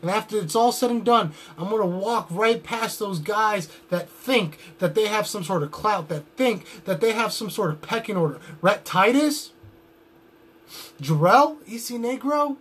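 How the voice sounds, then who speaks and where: A man's voice: high voice, expressive, measured pace, fairly bright tone, a little hiss or hum. A young adult man cutting a wrestling promo with boastful, trash-talking swagger.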